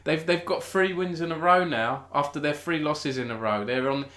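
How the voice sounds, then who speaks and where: A man's voice: fairly high pitch, moderate pace, bright, forceful tone, roomy sound. A British man hosting a casual live-streamed esports news chat. He talks in a chatty way, restarts often and thinks aloud.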